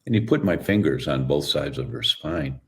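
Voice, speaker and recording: Very deep-voiced man telling a story. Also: moderate pace. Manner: relaxed storyteller who acts out quoted voices. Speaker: guest, chiropractor. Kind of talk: storytelling interview answer.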